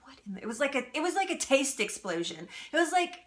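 A woman's voice: high voice, big pitch swings, fast talker. A woman hosting a live cooking stream, chatting casually, laughing often and answering viewer comments. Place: home kitchen.

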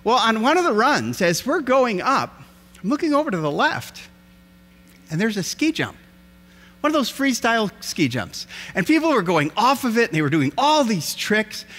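A man's voice: sits high, sing-song, normal speed, a bit bright. A middle-aged man preaching an Easter sermon as pastor, telling a story animatedly and acting out the voices. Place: church sanctuary. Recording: hall reverb in a church.

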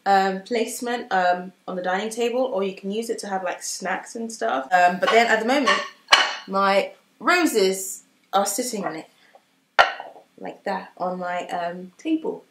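A young woman talks through her shopping haul in a casual, bubbly way, full of fillers. Her voice sits at an ordinary middle pitch. The room around her adds a noticeable echo. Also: unhurried, a little hiss or hum. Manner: chatty and bubbly, many fillers. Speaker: vlogger. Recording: echoey room.

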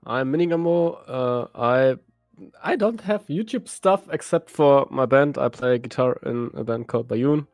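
A man's voice: medium pitch, unhurried, a little mellow, no echo, studio quality. A man, a new player and guitarist, introducing himself a bit shyly and hesitantly. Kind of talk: casual chat.

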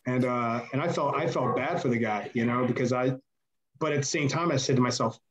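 A man telling backstage stories as a podcast guest, rambling and animated, loudly acting out the voices of the people he quotes. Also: medium pitch, brisk. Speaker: podcast guest, former wrestler. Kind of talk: casual storytelling interview.

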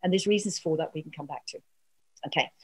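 A woman's voice: low voice, quick pace, slightly rough. A woman communication trainer giving an earnest, coaching workshop talk. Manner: earnest, coaching, frequent asides and laughs.

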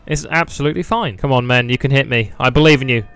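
A man's voice: mid-range voice, quick pace, fairly bright tone, clear, resonant tone. A man doing sarcastic comedic commentary while playing a video game, laughing often and mocking it. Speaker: gaming YouTuber. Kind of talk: comedic let's play commentary.

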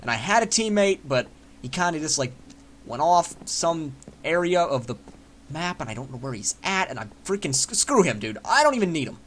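A man giving casual let's play commentary, excitable and self-mocking, swearing freely as he plays. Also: fairly high pitch, moderate pace, a little hiss or hum. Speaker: gaming channel host.

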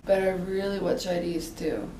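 A woman's voice: fairly low pitch, normal speed, warm tone. Stuffy-nosed young woman, distant and roomy. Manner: whiny, talks about feeling sick. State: stuffy, congested voice from a cold. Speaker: vlogger's girlfriend. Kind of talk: casual chat. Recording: roomy, distant, faint background noise.

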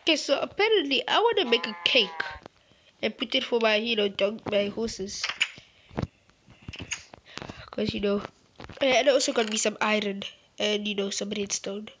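Over a slightly muffled, faintly hissing recording, a female gaming host chats playfully and rambles through her gameplay. Her medium-pitched voice has lively intonation and a fairly bright tone, moving at normal speed with long pauses.

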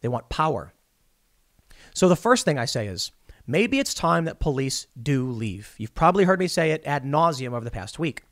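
Man, political commentary host, emphatic and rambling, slightly high voice, dry close mic. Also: sing-song, moderate pace, fairly bright tone, dry recording. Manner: emphatic, rambling, with frequent restarts.

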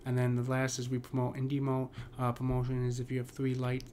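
Flat-voiced man teaching poetic meter. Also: mid-range voice, slight background noise. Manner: halting, many ums and restarts. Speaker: poetry teacher. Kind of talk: casual explanatory lesson.

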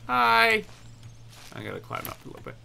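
A man's voice: very high voice, huge pitch swings, normal speed, vocal fry, bright, forceful tone, a little hiss or hum. Jumpy man narrating a game. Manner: jumpy, swears and yelps when startled. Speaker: gaming YouTuber. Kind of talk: let's play commentary.

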